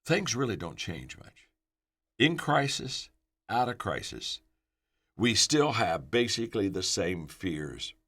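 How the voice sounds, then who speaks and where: A man's voice: lowish voice, sing-song, slow pace, a bit bright. A man giving a motivational leadership talk, repeating key phrases for emphasis and telling stories. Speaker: leadership speaker.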